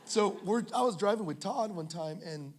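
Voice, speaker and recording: A man's voice: high voice, animated, normal speed. A male pastor preaching a sermon, telling humorous stories and joking with the congregation. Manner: humorous storytelling, jokes with the congregation. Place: church service in a school venue.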